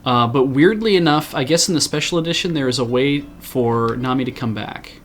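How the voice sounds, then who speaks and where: A man's voice: mid-range voice, a little fast, a bit bright, a little hiss or hum. A man streaming a farming game, chatting casually with his viewers and poking fun at himself. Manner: chatty, self-deprecating, answers chat. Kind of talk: casual game commentary to chat.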